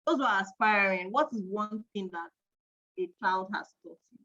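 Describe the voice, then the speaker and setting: A woman's voice: mid-range voice, moderate pace, bright, forceful tone. A woman, hosting an online parenting event in a playful, chatty way, counting aloud and teasing the audience. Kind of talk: lively live-stream quiz hosting. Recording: dull lo-fi online stream audio.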